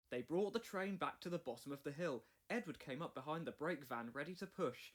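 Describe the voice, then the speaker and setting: A man narrating a children's railway story as a read-along, in a clear, measured way. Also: on the high side, animated. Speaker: storybook reader.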